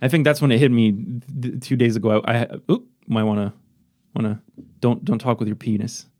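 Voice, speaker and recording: Speaking into a podcast mic, this Romanian host chats casually in English, which isn't his first language, rambling, mocking himself and cursing without restraint. His mid-range voice sounds a little mellow, and his pace is brisk.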